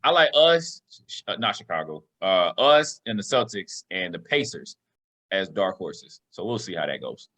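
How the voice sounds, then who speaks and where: A man co-hosting a podcast, talking sports in casual banter and asking questions in an animated way. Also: low-pitched, moderate pace. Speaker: podcast co-host.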